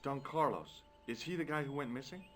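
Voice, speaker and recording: A man's voice: medium pitch, fairly quick, slight background noise, lightly acted. An actor voicing a curious, wry young male adventurer in a video game, talking casually and inquisitively. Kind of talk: video game voice acting with narration.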